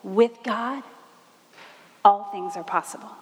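A woman putting on a slow, solemn angel voice. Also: medium pitch, pitched below the performer's own voice, lightly acted. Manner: slow, grave pronouncements. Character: solemn angel with a big booming voice. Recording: reverberant hall.

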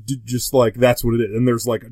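A man's voice: mid-range voice, little pitch movement, quick pace, warm tone, dry recording. A man guesting on a podcast, chatting casually and rambling with lots of fillers and restarts. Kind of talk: casual chat.

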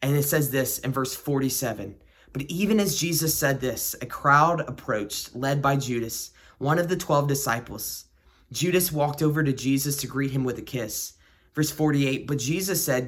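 A man's voice: medium pitch, moderate pace, a bit bright. Earnest man giving a devotional podcast. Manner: reflective and earnest, repeats key phrases. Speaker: podcast host. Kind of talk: devotional podcast teaching with prayer and scripture reading.

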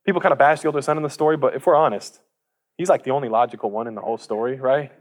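A man preaching a sermon, retelling a parable in casual, lively storytelling with slang, frequent stammered restarts, and acted-out voices for the characters. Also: medium pitch, very fast.

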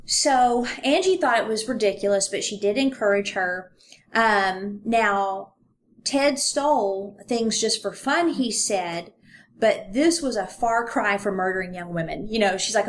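A woman's voice: mid-range voice, a little slow, slight background noise. A woman co-hosting a podcast, casually retelling a true-crime case in a chatty way with plenty of fillers. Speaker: podcast co-host.

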